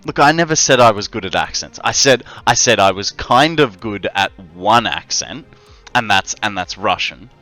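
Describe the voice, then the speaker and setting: This time he's animated, talking at normal speed in a fairly low voice with a pushed, bright quality. The Australian gamer keeps up his joking livestream banter with viewers over faint background music.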